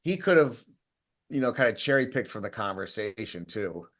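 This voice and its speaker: A man's voice: fairly low pitch, expressive, normal speed, fairly bright tone. A man co-hosting a casual chat, telling stories in a rambling way with many restarts. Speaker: co-host.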